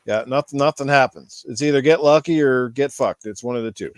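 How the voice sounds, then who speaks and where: A man's voice: medium pitch, a little fast, no room sound, studio quality. A man, hosting a casual podcast, ranting heatedly with lots of swearing. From Newfoundland, Canada. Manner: heated, swearing, mocks store clerks in put-on voices. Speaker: podcast host. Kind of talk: casual profane rant.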